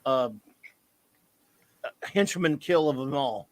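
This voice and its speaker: A man hosting a casual live-stream chat, rambling and excitable, often correcting himself mid-sentence. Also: medium pitch, slow, no echo. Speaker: podcast host.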